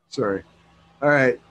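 A man's voice: mid-range voice, vocal fry, sharp tone. Brief: casual male host, loose and profane, noisy recording. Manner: rambling, swearing, laughs often. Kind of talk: casual chat. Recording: noisy background.

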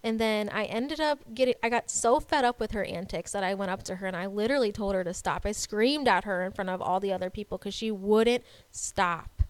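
A woman's voice: mid-range voice, brisk, hardly any pauses, clean tone, no room sound. A woman in her twenties telling a story in casual chat, with many "like" fillers. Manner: chatty, animated storytelling with laughs and "like" fillers.

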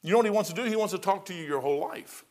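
Middle-aged male pastor, slightly high voice, folksy and conversational, teaching a sermon verse by verse. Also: animated, racing, a little mellow. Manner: folksy, conversational preaching with personal stories.

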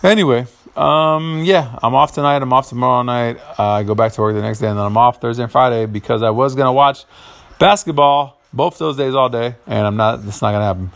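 A man's voice: medium pitch, a little fast, creaky, a bit bright. A man hosting a casual solo podcast from his garage, rambling and profane, getting heated at times. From Puerto Rican heritage. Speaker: podcast host. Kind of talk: casual monologue.

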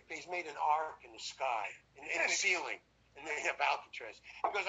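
A man's voice: on the high side, brisk, breathy edge, poor audio. An older man, a guest on a show, animatedly telling an anecdote in a casual, profane way. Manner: animated storyteller who swears freely.

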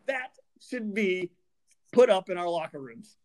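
A man's voice: sits high, big pitch swings, unhurried, a little mellow. A man co-hosts a podcast and vents in a heated rant. His voice jumps all over the place, and he keeps stammering and restarting as his anger builds. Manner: angry, emphatic, stammering restarts. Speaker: podcast co-host.

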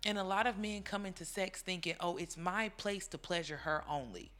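A woman's voice: lowish voice, moderate pace, faint music behind. A young woman co-hosting a casual, frank chat, talking animatedly and acting out what partners say. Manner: animated, acts out quoted partners. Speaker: podcast co-host.

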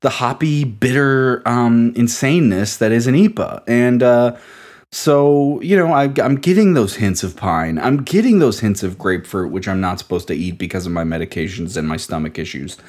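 A man co-hosting a casual beer review podcast, meandering through his opinions with wry, deadpan jokes. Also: mid-range voice, normal speed. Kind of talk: casual chat.

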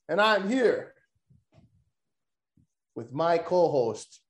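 A man hosting a podcast, joking loudly and swearing in crude, excitable banter. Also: high voice, very slow, long pauses, echoey room. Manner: loud, joking, profane, excitable. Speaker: podcast host. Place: room recorded in person.

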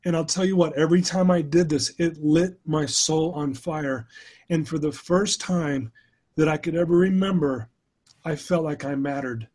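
A man's voice: on the high side, moderate pace, darkish tone, breathy edge. A middle-aged man, a podcast guest, telling a personal story in an earnest, emotional way, often restarting his sentences.

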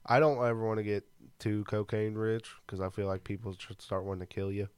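A man's voice: fairly low pitch, little pitch movement, brisk, clean tone, no room sound. A man in his twenties co-hosting a podcast, trading casual crude banter with laughs and swearing. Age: 20s. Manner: laid-back, swears freely, laughs a lot. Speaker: podcast co-host. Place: small studio.

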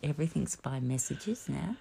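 A middle-aged Australian mother chats casually, telling family stories, acting out and quoting what her husband said, and laughing often. Her voice is rumbling low, expressive and mellow, with vocal fry and a breathy edge, at a moderate pace.

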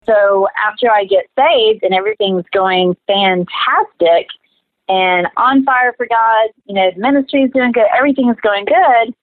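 A woman's voice: medium pitch, normal speed, no room sound. A woman, an interview guest and minister, earnestly telling her own story and acting out the voices of the people in it. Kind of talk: personal testimony in conversation. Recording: tinny phone-like line, dry.

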